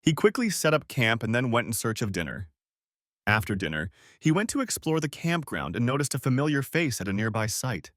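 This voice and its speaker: Story narrator, male, lively pitch, dry close sound. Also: fairly quick, dry recording.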